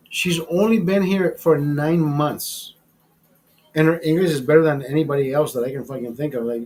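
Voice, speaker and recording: A man's voice: a little high, moderate pace, a little mellow. A man hosting a livestream in casual, crude chat, profane and rambling, often laughing. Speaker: livestream host.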